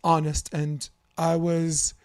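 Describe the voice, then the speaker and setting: A man's voice: fairly high pitch, monotone, slow, clean tone, no echo, clean studio sound. A man hosting a casual sports debate podcast, a coach and commentator, talking candidly and rambling with fillers.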